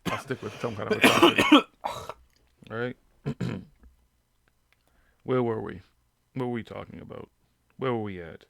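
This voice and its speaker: A man's voice: mid-range voice, a little slow, creaky, long pauses, bright, forceful tone, no room sound, clean studio sound. A man with a Boston accent hosting a live radio show, rambling and swearing constantly in brash, casual chat. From Boston, USA.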